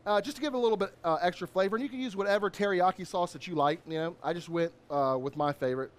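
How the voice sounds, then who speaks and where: Male chef, upbeat and chatty, high-pitched, cooking demo host. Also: quick pace. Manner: upbeat, chatty, lots of shout-outs.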